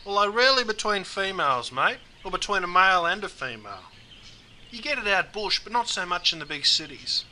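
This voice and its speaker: Wry bright-voiced Australian man. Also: high voice, big pitch swings, fairly quick, a little hiss or hum. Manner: laconic, wry, keeps saying mate. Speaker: Aussie English presenter. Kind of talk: scripted explanatory narration.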